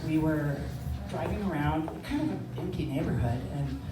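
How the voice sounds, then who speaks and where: An older woman telling a personal story, animated and laughing, acting out the voices of others. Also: low-pitched, normal speed, over loud music. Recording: echoey room, distant mic, noisy.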